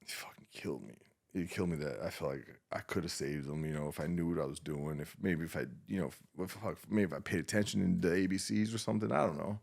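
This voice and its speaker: A man with an extremely deep, gravelly voice recounts a painful memory as a podcast guest. He speaks haltingly and sounds shaken and subdued, restarting his sentences, filling gaps with "you know" and swearing often. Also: a little mellow. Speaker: podcast guest, war veteran. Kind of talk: emotional personal storytelling.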